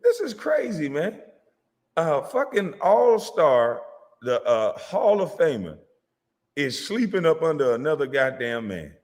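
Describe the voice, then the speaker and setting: A man delivering a profane, mocking comedic rant as a vlogger, sometimes breaking into shouts. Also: on the high side, big pitch swings, a little slow, in a large hall. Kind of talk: comedic rant reacting to sports media.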